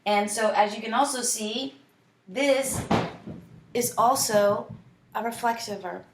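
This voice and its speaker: Slow-speaking teacher woman, echoey room. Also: a little high, noisy background. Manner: slow, drawn-out model phrases for repetition. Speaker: Spanish teacher. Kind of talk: online language lesson. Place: home.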